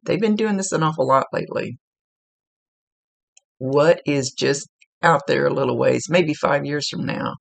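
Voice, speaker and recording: A man working as a psychic medium, giving a relaxed, conversational reading. He is chatty, laughs easily and often corrects himself mid-sentence. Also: mid-range voice, vocal fry.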